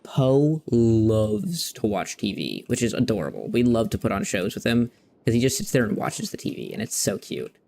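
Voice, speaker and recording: Low gravelly man chatting casually. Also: very animated, moderate pace, a little mellow, slight background noise. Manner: rambling and candid, swears casually. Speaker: gaming video host. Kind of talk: casual chat while playing.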